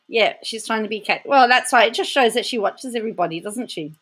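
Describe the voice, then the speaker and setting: A woman's voice: a little high, a bit bright, breathy edge. A woman hosting casual reaction commentary, laughing often as she talks. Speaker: commentary host.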